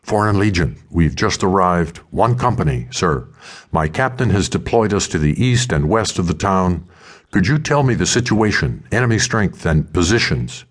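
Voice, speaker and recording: A man's voice: deep voice, sing-song, moderate pace. A man voicing a blunt, defiant male legion sergeant who speaks curtly and insolently to a superior, in an audiobook. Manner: curt, insolent.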